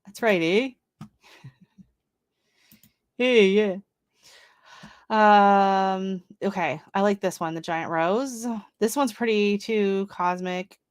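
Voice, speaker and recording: A woman's voice: mid-range voice, takes it slowly, long pauses, clear, resonant tone, dry recording, studio quality. A woman hosting a casual gardening livestream, chatting with viewers while reading seed listings aloud and reacting to them. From not from Canada. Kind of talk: casual live-stream chat.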